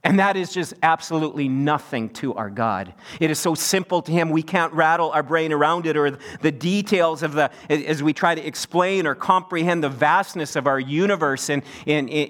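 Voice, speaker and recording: Middle-aged male pastor, high voice, preaching with big swings in pitch. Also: a bit bright. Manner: wide pitch swings, rising to emphatic peaks. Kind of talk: sermon.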